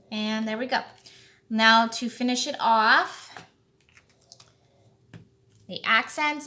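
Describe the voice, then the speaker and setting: A woman's voice: a little high, a bit bright. A woman hosting a card-making tutorial, talking casually and thinking aloud as she works. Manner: slow, chatty, thinking aloud while working. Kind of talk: casual craft tutorial talk.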